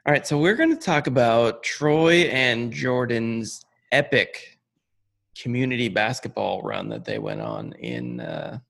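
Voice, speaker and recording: A man's voice: mid-range voice, very animated, unhurried, creaky, a bit bright. A man hosting a podcast, steering the talk and introducing segments in casual chat. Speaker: host.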